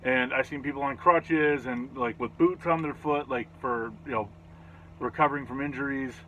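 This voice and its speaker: A man casually recapping a festival in a rambling, profane, excitable way. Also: mid-range voice, normal speed. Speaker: vlogger reviewing a festival. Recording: slightly dull lo-fi audio with faint noise.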